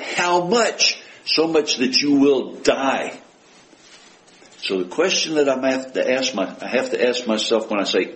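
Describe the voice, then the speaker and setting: Emphatic male preacher, soft to rising. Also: medium pitch, rough recording. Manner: emphatic, rhetorical questions, quotes scripture with rising intensity; drops to a hushed voice for heartfelt prayers. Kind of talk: sermon.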